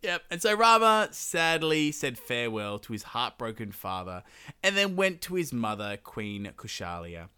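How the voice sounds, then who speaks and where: A man's voice: big pitch swings, moderate pace, sharp tone, clear, resonant tone. A man, casually retelling an old epic as a podcast host, swearing and laughing. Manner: sweary, laughing, bursts into high silly character voices. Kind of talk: casual comedic storytelling.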